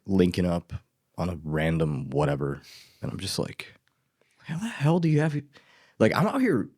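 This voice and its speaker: A man's voice: sits low, darkish tone, husky, dry recording, clean studio sound. A man in casual podcast chat, laid-back, laughing often and trailing off mid-thought. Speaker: podcast co-host.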